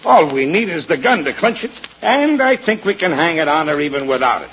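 A gruff, cocksure cop. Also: male voice, a little high, big pitch swings, brisk, muffled recording. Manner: gruff, dismissive, chuckling. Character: blunt, cocksure male police officer. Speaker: police officer. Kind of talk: 1940s radio acting. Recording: hissy 1940s radio broadcast.

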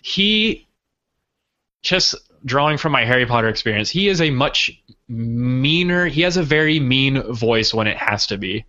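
A man talks through a favorite film with friends, animated and quick to laugh. His voice has a bright, forward ring to it. The recording is a little dull and muffled. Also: mid-range voice. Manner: animated, laughs often, quotes characters. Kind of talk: casual film discussion.

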